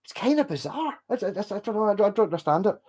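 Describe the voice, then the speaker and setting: A man with a Scottish Glasgow accent rambling in animated casual chat with his livestream viewers, swearing and laughing as he goes. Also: high-pitched, fast, slightly rough. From Scotland. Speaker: streamer chatting with viewers.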